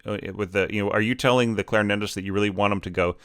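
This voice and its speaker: A man's voice: lowish voice, fairly even intonation, racing, fairly bright tone, smooth, no room sound, studio quality. A man giving a casual, rambling critique of orchestral scores as a teacher, full of fillers and restarts.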